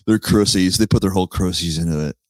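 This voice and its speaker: A man's voice: low voice, a little fast, dry recording, studio quality. A man in his thirties hosting a solo podcast, rambling and swearing casually, laughing at his own jokes. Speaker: podcast host.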